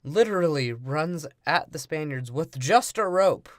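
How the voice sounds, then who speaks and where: A man's voice: a little high, animated, a little slow, no echo, studio quality. Laughing, crude man recapping scenes. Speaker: podcast co-host. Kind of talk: casual movie-review banter.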